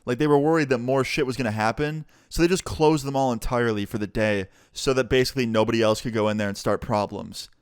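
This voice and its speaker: A young man tells a storytime vlog in a casual, animated way and swears freely. His voice is smooth and clear at a mid pitch. It is recorded close and dry, with no room echo. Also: fast talker, hardly any pauses. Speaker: vlogger.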